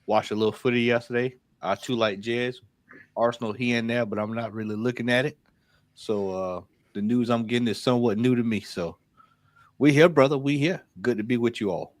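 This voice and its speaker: A man on a fan podcast panel, speaking in a relaxed, low-key way. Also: fairly quick, no room sound. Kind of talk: casual chat.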